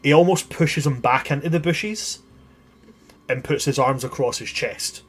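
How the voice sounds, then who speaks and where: A man's voice: a little high, measured pace, breathy edge, soft background music. Man narrating a grim tabletop game. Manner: vivid, grisly description with restarts. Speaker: game master.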